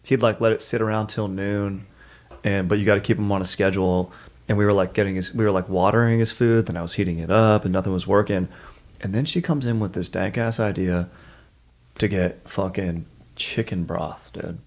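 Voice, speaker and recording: Wyluzowany młody facet, ciągle mówi „dude”. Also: male voice, lowish voice, steady tone, a little fast, a little mellow. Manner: laid-back, says dude constantly. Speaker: podcast co-host. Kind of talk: casual chat.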